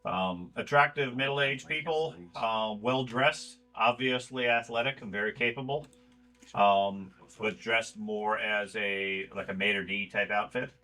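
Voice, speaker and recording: A man narrating a tabletop game as game master in a relaxed way, with many fillers. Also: lowish voice, unhurried.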